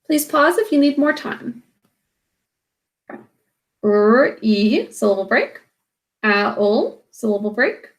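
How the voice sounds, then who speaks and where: A woman's voice: high voice, big pitch swings, moderate pace. A woman teacher giving a recorded spelling lesson, patiently sounding out words letter by letter and syllable by syllable.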